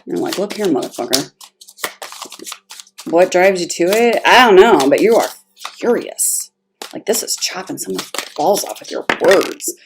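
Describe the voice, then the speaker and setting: A woman giving a casual, expressive tarot reading, talking straight to the viewer with emphatic asides. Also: lowish voice, normal speed, gravelly, background noise. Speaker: tarot reader.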